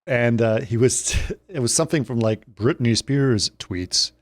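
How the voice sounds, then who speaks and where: Relaxed man telling stories. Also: medium pitch, measured pace, dry recording. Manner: relaxed storytelling, chuckles between lines. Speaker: podcast co-host. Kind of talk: casual movie podcast chat.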